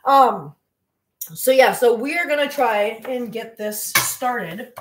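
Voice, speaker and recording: Middle-aged woman, home cooking-stream host, rambling and friendly, slightly high voice, echoey kitchen. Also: animated, slow pace, fairly bright tone, slight background noise. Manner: chatty, rambling, laughs often, coos at her cats. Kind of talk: casual chat while cooking live.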